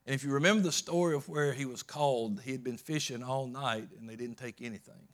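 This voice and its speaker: A man preaching a sermon, swinging between loud emphatic peaks and low soft storytelling, often repeating words and restarting. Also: fairly quick. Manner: rising to loud emphatic peaks, then dropping low and soft while retelling scripture.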